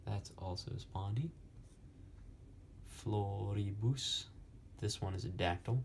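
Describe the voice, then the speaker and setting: A young man slowly explaining Latin poetic meter in a lesson, with many pauses and fillers. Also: sits low, a little mellow, a little hiss or hum. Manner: slow, halting, many fillers. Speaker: Latin tutor.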